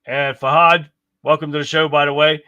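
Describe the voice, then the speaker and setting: A man's voice: on the high side, flat delivery, moderate pace, bright, forceful tone, clean tone, no echo. A man hosting a live stream, reacting with heated, profane rants and talking to his chat viewers. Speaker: livestream host.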